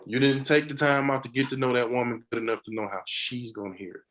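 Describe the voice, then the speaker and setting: A man talking as a podcast guest in a casual conversation, an animated storyteller who laughs often. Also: medium pitch, fast, a little hiss or hum, rough recording.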